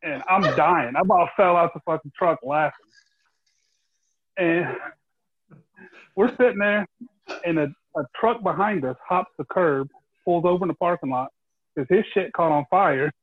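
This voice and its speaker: A man's voice: fairly high pitch, moderate pace, long pauses, husky, no room sound. A man telling a rambling, easygoing story in casual chat, with lots of fillers. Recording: dry, dull close mic.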